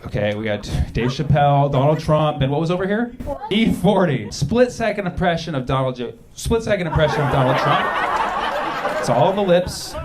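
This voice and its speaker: A male stand-up comedian with deadpan setups broken by sudden yelps. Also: on the high side, background noise. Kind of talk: stand-up set. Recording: comedy club with loud audience.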